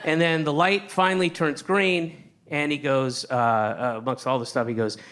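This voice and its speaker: A man doing a stand-up routine, telling a rambling story with lots of restarts and sudden shouted outbursts. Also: a little high, steady tone, normal speed. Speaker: stand-up comedian. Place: comedy stage with a live audience.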